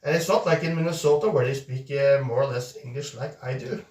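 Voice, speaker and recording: A man's voice: medium pitch, brisk, a little mellow. A man streaming live and chatting with viewers in a playful, hesitant way, full of fillers and restarts. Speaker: streamer reading viewer messages. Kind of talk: casual live-stream chat. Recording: roomy echo, distant mic.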